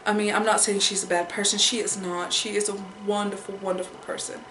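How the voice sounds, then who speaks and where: A woman's voice: medium pitch, flat delivery, a little fast, echoey room, noisy background. A young woman talking in an emotional personal vlog, upset and repeating herself as she holds back tears. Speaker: vlogger.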